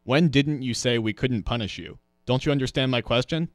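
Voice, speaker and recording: A man's voice: mid-range voice, brisk, dry recording, studio quality, voice pushed up, close to an everyday voice. A man reading the lines of an irritable, pompous colonel, impatient and badgering.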